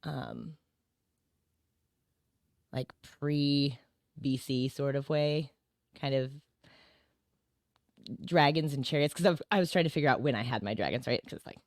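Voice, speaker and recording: A woman's voice: very deep voice, a little slow, long pauses, no echo, studio quality. A woman as a podcast guest in casual chat, rambling with many "like"s and tag questions and laughing often.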